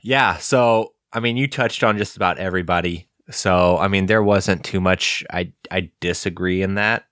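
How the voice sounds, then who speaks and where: Deep, smooth-voiced male podcast co-host. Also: normal speed, hardly any pauses, a bit bright, dry recording, clean studio sound. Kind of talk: casual review chat.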